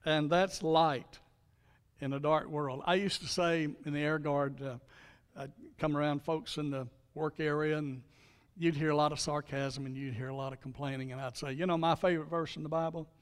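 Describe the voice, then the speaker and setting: A male pastor delivers a sermon in a conversational style, tossing out rhetorical questions and sinking to quiet emphasis on key lines. His voice sits on the high side for a man. The sound carries a long reverb, as in a church sanctuary. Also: little pitch movement, normal speed, clean tone.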